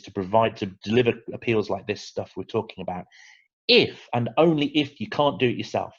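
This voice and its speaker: A man presenting a fundraising webinar, emphatic and animated, repeating words for stress. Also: on the low side, lo-fi sound.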